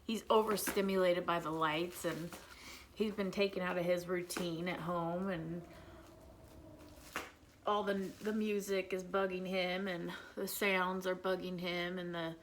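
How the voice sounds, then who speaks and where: A woman's voice: fairly low pitch, steady tone, unhurried, slight background noise, low-quality recording. A woman, chatting candidly as she does her makeup at home and venting about her son. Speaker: vlogger, mother of an autistic son. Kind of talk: casual makeup vlog chat.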